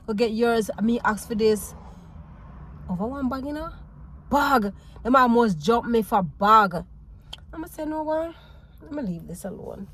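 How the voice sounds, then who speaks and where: Jamaican woman vlogger, lively and laughing, patois mixed with English, voice a bit high. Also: a little slow, pauses often, slightly rough. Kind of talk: casual storytelling to camera.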